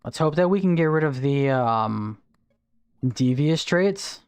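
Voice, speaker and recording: Man, live game streamer, casual chatter, counts spins, no accent, crisp voice. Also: mid-range voice, expressive, takes it slowly, a little mellow, dry recording. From Texas. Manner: reads chat aloud and counts out spins. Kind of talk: casual live gameplay commentary.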